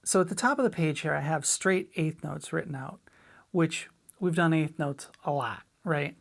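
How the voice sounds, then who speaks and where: A middle-aged woman teaching a drum lesson in a relaxed, chatty way, sometimes scatting rhythms aloud. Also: low voice, normal speed, gravelly. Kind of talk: casual spoken lesson.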